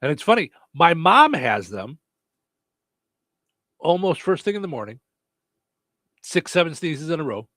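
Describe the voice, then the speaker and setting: Middle-aged man, casual talk, slightly high pitch, dry close sound. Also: very animated, unhurried, pauses often, a bit bright, dry recording. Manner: chatty storyteller, many hm-hmms. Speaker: co-host. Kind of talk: casual chat.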